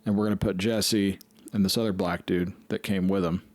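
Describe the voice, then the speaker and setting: A man's voice: low voice, steady tone, brisk, darkish tone, no room sound. A man hosting a podcast, telling a rambling, profane story in casual chat. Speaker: podcast host.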